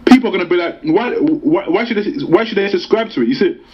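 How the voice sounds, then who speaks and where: Man, host, casual chat, rapid chatty delivery, slightly high voice, muffled lo-fi sound. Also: lively intonation, slightly rough. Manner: rapid, chatty, keeps asking "yeah?" and "do you know what I mean?". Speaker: boxing show host. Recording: dull lo-fi sound.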